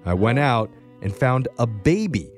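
A man hosting a morning radio show, playfully bantering and briskly reading quiz questions. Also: mid-range voice, sing-song, over loud music.

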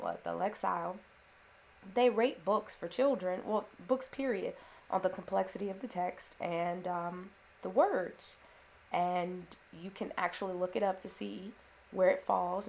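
Speaking in a lowish voice with vocal fry, this woman shares a personal story. She's a mother and former teacher whose earnest, reflective telling includes restarts and fillers.

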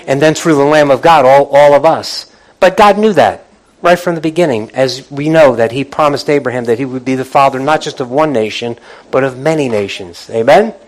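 A male pastor preaching a sermon. He often restarts and repeats words, and he calls out to the congregation, rising in pitch and volume when he gets fired up. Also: fairly quick, poor audio.

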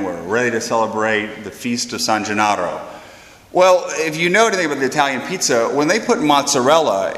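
A man, a priest, telling a funny anecdote with animated, self-deprecating energy and stumbling repeats, in an echoey hall. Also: medium pitch. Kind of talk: storytelling anecdote.

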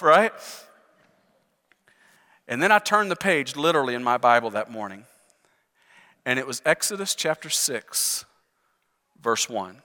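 A man's voice: mid-range voice, animated, normal speed, pauses often, sharp tone. A man pastor preaching a sermon in an earnest, conversational way with rhetorical questions, in a church sanctuary. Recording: long reverb in large hall.

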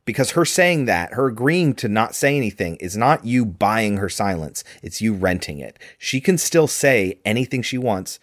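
A man's voice: lowish voice, sing-song, moderate pace, few pauses, no room sound, clean studio sound. A man co-hosting a podcast, chatting casually and analytically about a film. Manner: chatty, analytical, acts out quotes. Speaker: podcast co-host.

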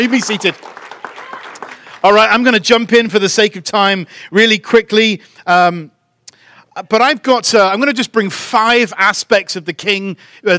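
Male pastor, sermon delivery, high voice, call-and-response with the room. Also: pushed and bright, no echo, studio quality. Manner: leads congregation in call and response. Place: church sanctuary.

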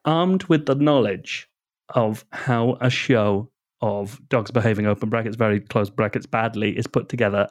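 A man hosting a comedy podcast, talking quickly and playfully and laughing often. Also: on the low side. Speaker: podcast host.

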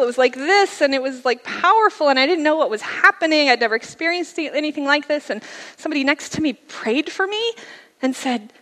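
A middle-aged woman giving a personal testimony from a church stage, her voice sitting a touch above the usual range for a woman. She tells it earnestly and conversationally, now and then dropping to a soft, hushed tone. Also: sits high, in a large hall. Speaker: guest speaker sharing a testimony. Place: church service.

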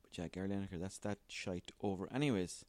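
A man's voice: sits low, quick pace, darkish tone, dry recording. A man hosting a solo comedy podcast, sweary, rambling and self-mocking. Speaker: podcast host.

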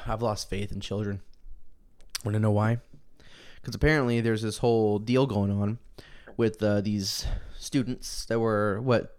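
A young man hosting a casual show, ranting in an animated, slangy way and mocking people with put-on quotes. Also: medium pitch, clear, resonant tone. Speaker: podcast host. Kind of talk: casual opinion rant.

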